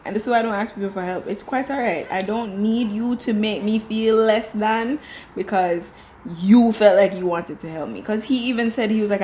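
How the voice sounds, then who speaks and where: A woman's voice: mid-range voice, moderate pace, a little hiss or hum. Chatty woman reviewing a reality show. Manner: animated, jumping into quoted voices. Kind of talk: casual reaction commentary.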